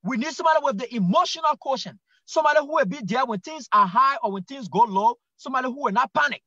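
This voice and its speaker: A man's voice: extremely high pitch, animated, fast talker, pushed and bright, no room sound, lo-fi sound. A man with a Liberian English accent, a guest commentator on a political talk show, arguing his point emphatically, repeating himself and restarting lines. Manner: emphatic, repetitive argument with stammered restarts.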